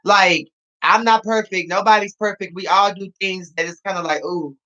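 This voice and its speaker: Here the same kind of speaker, a man on a podcast reviewing the reality show he appears in, sounds high-pitched, bright and forceful with fairly even intonation at normal speed. He's sassy and dramatic, hammering phrases through repetition, and the sound is lo-fi.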